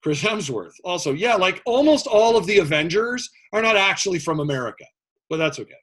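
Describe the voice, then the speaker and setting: A male history teacher lecturing a class in a loose, conversational way. His voice sits a little high for a man, and he drifts into joking asides full of fillers before circling back to the lesson. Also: very animated, fairly quick, fairly bright tone.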